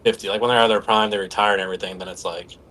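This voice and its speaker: A man with a lowish voice rattles off jokes and slang at a quick clip in casual podcast banter. He sounds loose and playful with his friends. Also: steady tone, sharp tone. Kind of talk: casual chat.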